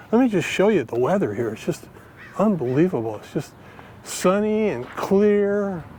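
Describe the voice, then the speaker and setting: A slightly high, somewhat mellow male voice belongs to a finance vlogger rambling through a casual walking vlog in a park, phone in hand and full of fillers. A little hiss or hum can be heard.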